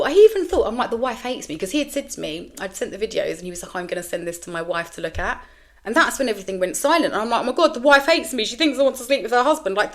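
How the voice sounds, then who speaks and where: A middle-aged woman telling a candid story as a podcast host, animated and sweary, acting out quoted voices. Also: fairly high pitch. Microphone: camera with mic, solo recording.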